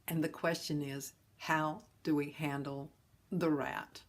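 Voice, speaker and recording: A woman hosting a talk on suffering, telling a parable in a gentle, folksy way. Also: sits low, steady tone, a little slow. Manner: gentle, folksy storyteller with chuckles. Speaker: host and teacher of a philosophy of ease.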